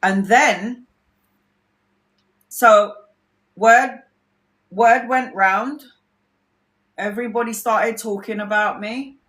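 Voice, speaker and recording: A woman's voice: a little high, very slow, pauses often, fairly bright tone. Woman tarot reader rambling on a live, blunt, swears a lot, echoey room. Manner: blunt, chatty, swears freely, acts out friends' lines. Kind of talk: casual livestream storytelling.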